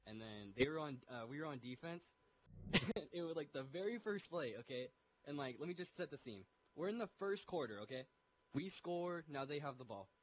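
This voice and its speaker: A man's voice: on the high side, lively intonation, a little fast, rough recording. A man casually telling a story, rambling with lots of fillers and laughing as he goes. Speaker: vlogger.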